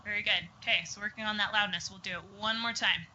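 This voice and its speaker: A woman's voice: medium pitch, steady tone, quick pace. A woman speech therapist leading a group through exercises, giving encouraging step-by-step instructions. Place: group therapy session room. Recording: muffled lo-fi with faint noise.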